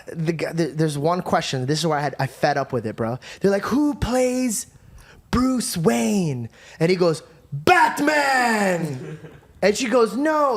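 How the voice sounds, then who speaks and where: A podcast host telling a story in animated, casual chat, excitable and swearing, acting out both sides of an argument. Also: male voice, sits high.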